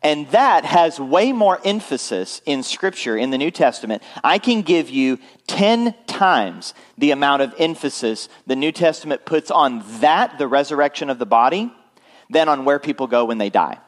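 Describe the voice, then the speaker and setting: A man's voice: a little high, expressive, moderate pace. Male pastor, conversational sermon delivery, frequent check-ins with the congregation. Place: church.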